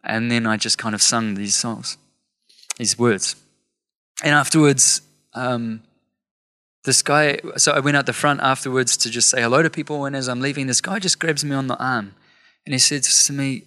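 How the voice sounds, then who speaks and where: A man's voice: medium pitch, fairly even intonation, moderate pace, sharp tone. A man preaching a sermon through personal stories, acting out the voices of people he quotes, with self-mocking asides. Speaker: pastor. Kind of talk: storytelling sermon.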